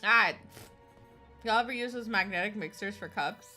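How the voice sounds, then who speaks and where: A woman's voice: medium pitch, normal speed, pushed and bright, faint music behind. A young woman streaming a video game, chatting casually and rambling with lots of fillers. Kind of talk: casual game livestream chat.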